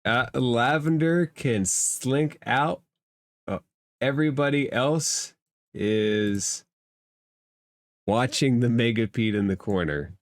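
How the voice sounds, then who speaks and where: A man running a tabletop game as game master, narrating slowly. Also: mid-range voice, dry recording.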